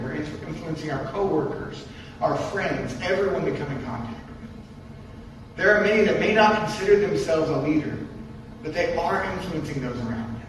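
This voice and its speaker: A man's voice: on the high side, background noise. Man preaching in an echoing church. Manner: emphatic, repetitive, rhetorical questions. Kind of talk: sermon. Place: church sanctuary. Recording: distant mic in an echoey church hall.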